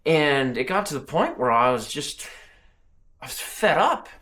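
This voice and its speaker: A man speaking earnestly to camera about a personal spiritual experience. His pitch moves widely, rising and falling with feeling, and he often breaks off and restarts his sentences. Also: big pitch swings, measured pace, fairly bright tone. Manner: earnest, emotional storytelling with frequent restarts. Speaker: channel host and truck driver.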